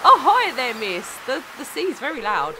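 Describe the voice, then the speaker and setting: A woman's voice: high-pitched, very animated, moderate pace, noisy background. A woman voicing a jolly old fisherman in a put-on pirate voice for a game. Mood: gruff jolly. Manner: gruff pirate voice.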